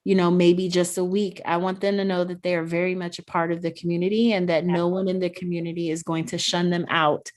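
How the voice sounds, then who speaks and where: Woman guest, lowish voice, earnest and reflective, soft-spoken. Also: flat delivery, fairly quick, few pauses. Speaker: guest, NICU parent. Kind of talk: podcast conversation.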